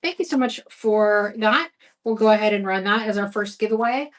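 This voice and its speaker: A middle-aged woman with a mid-range voice and a moderate pace hosts a live-stream sale of craft supplies. She chats in an upbeat way and thanks viewers by name.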